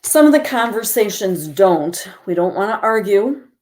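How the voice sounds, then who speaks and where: A woman presenting a calm educational talk on caregiving, modeling gentle phrases to use with loved ones. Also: mid-range voice, normal speed.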